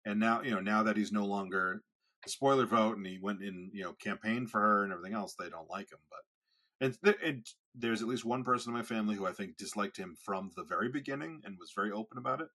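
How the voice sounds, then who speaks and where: A man's voice: fairly low pitch, quick pace, bright, forceful tone. A man co-hosting a podcast in casual chat, rambling and often restarting his sentences. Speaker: podcast co-host.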